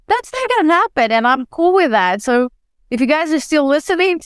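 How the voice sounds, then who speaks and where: A woman who is not a native English speaker, co-hosting a podcast and telling stories in an animated, self-deprecating way. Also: high voice, a little fast, dry recording, studio quality. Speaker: podcast co-host. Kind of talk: casual podcast conversation.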